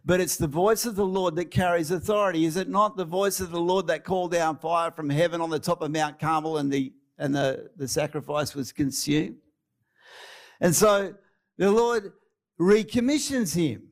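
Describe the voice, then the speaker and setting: A man's voice: a little high, moderate pace. An Australian man preaching a sermon, chatty and prone to laughing asides while he tells stories dramatically.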